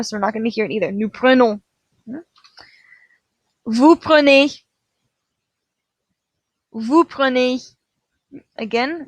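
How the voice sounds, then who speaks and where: A woman's voice: a little high, no room sound. Bilingual woman teacher drilling verb forms. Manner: switches between French and English, drills with repeated prompts. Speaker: French teacher. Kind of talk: classroom grammar lesson.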